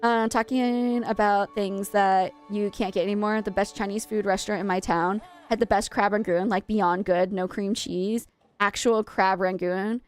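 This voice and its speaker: A woman's voice: mid-range voice, fairly even intonation, normal speed, soft background music. A young woman from Maine chatting casually with viewers while she streams a game, wistful and rambling, often correcting herself mid-sentence. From USA (Maine).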